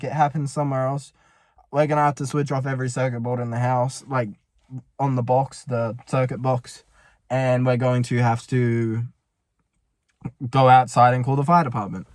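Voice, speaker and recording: Sitting in a parked car, a young vlogger speaks quickly in a high-leaning, steady voice, his casual story panicky, rambling and full of swearing. The recording is dry.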